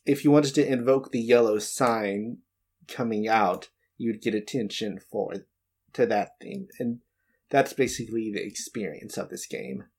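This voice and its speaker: A laid-back game master leads a tabletop session. The voice sits at an ordinary pitch, and the rule explanations come with small pauses and fillers. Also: darkish tone, breathy edge. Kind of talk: running a tabletop game, casual.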